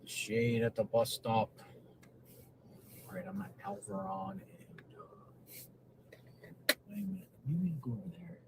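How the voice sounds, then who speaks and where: A man's voice: on the low side, big pitch swings, unhurried, long pauses. A man from Florida hosting a casual livestream, talking outdoors by a city street with a chatty, encouraging manner. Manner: chatty, encouraging, thinks aloud. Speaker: livestream host. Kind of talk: casual live chat. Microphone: phone livestream. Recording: noisy outdoor phone recording.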